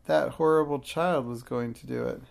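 A storyteller voicing a cruel, bossy old witch who screeches her threats in a shrill voice. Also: steady tone, moderate pace, creaky, a little mellow. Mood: snappish. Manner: snapping threats, high cackling tone.

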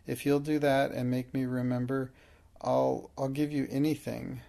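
A man reading the part of a timid, slow-learning plump schoolgirl in a storybook, speaking in a fretful, pleading way. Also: mid-range voice, flat delivery, vocal fry, mellow, natural voice.

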